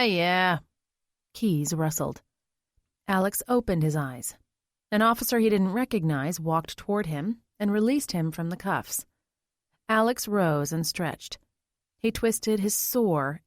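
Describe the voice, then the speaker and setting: A woman narrates an audiobook from a script, telling the story in an even, measured way. Her voice is on the low side, and the clean studio recording has no room sound.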